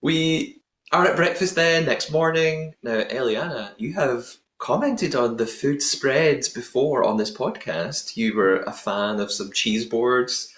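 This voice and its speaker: A podcast host recaps an episode in a playful, chatty manner packed with puns. His mid-range voice is slow with a fairly bright tone, and the recording has a roomy, echoing sound.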